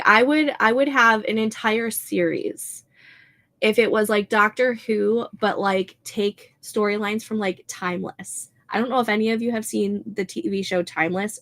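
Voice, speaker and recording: A woman's voice: medium pitch, a bit bright. A young woman with a Minnesotan accent, hosting a writing livestream and chatting casually with lots of fillers. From American Midwest. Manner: chatty, many "like" and "um" fillers, laughs often. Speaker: livestream host reading chat. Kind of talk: casual chat.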